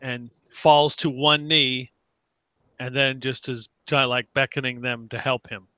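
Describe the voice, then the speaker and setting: A man's voice: mid-range voice, level tone, measured pace, bright, forceful tone, clean tone, no echo, muffled recording. A man playing a tabletop game, describing his character's actions with dry jokes. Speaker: player. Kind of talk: casual tabletop play.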